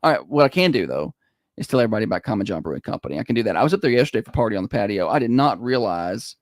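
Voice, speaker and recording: A man's voice: on the low side, big pitch swings, very fast, no echo, clean studio sound. A man with a Southern American accent co-hosting a morning radio show, chatty and opinionated, rambling with restarts as he banters and reads local ads. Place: radio studio. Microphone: studio microphone.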